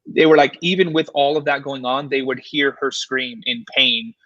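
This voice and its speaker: A man, a paranormal investigator, telling an animated story in a casual interview, full of fillers and restarts. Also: mid-range voice, normal speed, no room sound, dull audio. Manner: excited, filler-heavy, animated retelling.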